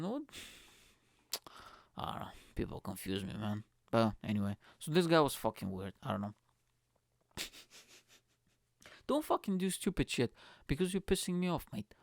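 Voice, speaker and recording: A man, a comedian hosting his own show, ranting in a profane, animated way about people he finds baffling. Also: mid-range voice, gravelly, dry recording, clean studio sound. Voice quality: profane, fast-swinging rant. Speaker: comedian host. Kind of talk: comedic rant.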